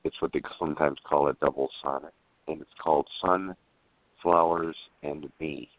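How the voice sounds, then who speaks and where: A man calling in to read his poem on the radio, halting and hesitant in speech, over a tinny phone line. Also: extremely low pitch, steady tone, no echo. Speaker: caller reading a poem. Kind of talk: casual chat then poetry reading.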